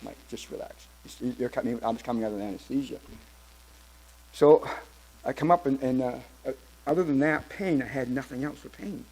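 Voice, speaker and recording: Older man, gravelly voice, church testimony, storytelling with restarts. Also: mid-range voice, warm tone, low-quality recording. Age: 70s. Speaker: church member giving testimony.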